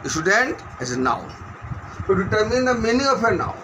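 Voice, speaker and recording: Guy teaching grammar, slowish and deliberate, kinda high voice, bit of hiss behind. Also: very animated, bright, forceful tone, low-quality recording. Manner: slow, deliberate explaining with repeated definitions; switches to rapid Hindi asides. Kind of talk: classroom lecture.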